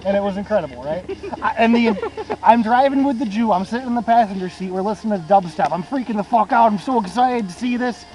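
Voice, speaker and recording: A man's voice: sits high, expressive, fast talker, few pauses, rough recording. A young man telling a crude, rambling story to friends in a casual, profane way, laughing at his own jokes. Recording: music playing loudly behind.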